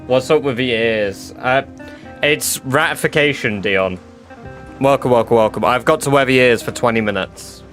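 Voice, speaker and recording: A man's voice: mid-range voice, moderate pace, fairly bright tone, soft background music. A man from Scotland chatting casually with viewers on a live gaming stream and thanking supporters.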